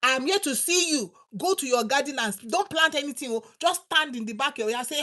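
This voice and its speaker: Woman preacher, high voice, emphatic sermon delivery, repeats for stress. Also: expressive, quick pace, hardly any pauses, pushed and bright. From Nigeria.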